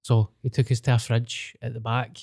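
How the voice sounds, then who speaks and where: A young Scottish man trades stories in easy, sweary banter, leaning on broad slang. His voice sits at an ordinary pitch. The sound is dry and close, with no room around it. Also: flat delivery, normal speed, creaky, a little mellow, no echo. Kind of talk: casual chat.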